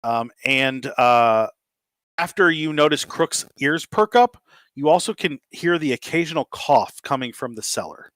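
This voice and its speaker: A man narrating and running a tabletop game as game master, relaxed and peppered with ums and uhs. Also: mid-range voice, a little slow, no echo.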